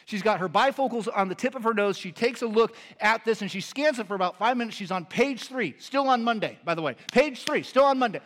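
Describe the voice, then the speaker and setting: A man, a pastor, delivering a sermon, moving between earnest teaching and animated storytelling. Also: sits high, a little fast, few pauses. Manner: animated storytelling with lively impressions.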